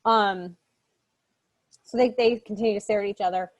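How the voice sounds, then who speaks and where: A woman's voice: mid-range voice, fairly even intonation, moderate pace. A woman in her thirties, a literature instructor, giving a recorded lecture on a short story. She talks in a casual, chatty way and makes frequent asides.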